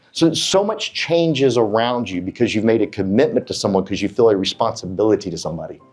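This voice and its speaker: A middle-aged man giving a motivational talk to real estate agents, quizzing the crowd and telling stories. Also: fairly low pitch. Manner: animated, asks the crowd, tells stories with acted quotes. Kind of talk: motivational presentation to a live room.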